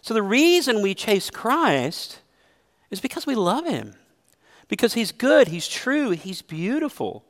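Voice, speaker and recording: Man, pastor, sermon, fairly high voice, emphatic, long hall reverb. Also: very animated, unhurried, a bit bright. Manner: earnest, emphatic preaching with storytelling.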